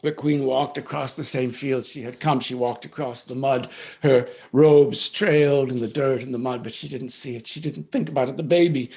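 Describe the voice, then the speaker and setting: A man storyteller performing a folk tale with slow, rhythmic repetition, sometimes dropping to a whisper. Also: medium pitch, fairly even intonation, vocal fry, darkish tone. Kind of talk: dramatic oral storytelling.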